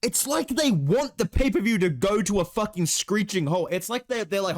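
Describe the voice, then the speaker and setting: A man's voice: high-pitched, animated, normal speed, dry recording. A man co-hosting a casual sports reaction chat, heated and profane as he rants. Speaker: podcast co-host.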